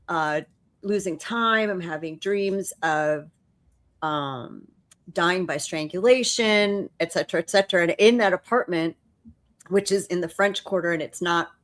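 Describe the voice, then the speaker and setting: A woman with a New Orleans accent co-hosting a paranormal talk show, telling a story in a plain, matter-of-fact way. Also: on the low side. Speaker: podcast co-host. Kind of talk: casual chat.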